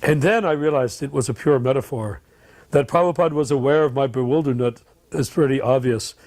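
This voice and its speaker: A man's voice: mid-range voice, brisk, darkish tone. A man telling an anecdote with amusement, raising his voice for quoted lines. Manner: amused, laughing as he tells it. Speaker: disciple recalling his teacher.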